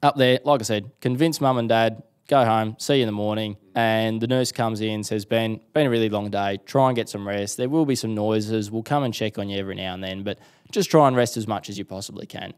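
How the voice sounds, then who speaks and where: Australian man telling a story, smooth low voice. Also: a little fast. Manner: animated storyteller acting out quotes. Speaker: guest. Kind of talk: casual storytelling interview.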